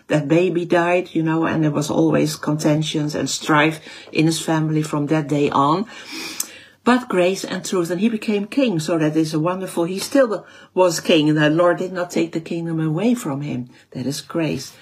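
A woman's voice: deep voice, normal speed, darkish tone, husky. A woman teaching from the Bible in a conversational way, with frequent restarts and fillers.

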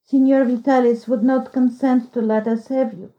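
A woman voicing a kindly, sad noblewoman who speaks softly. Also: fairly high pitch, steady tone, normal speed, dull audio, lightly acted. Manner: soft, sorrowful.

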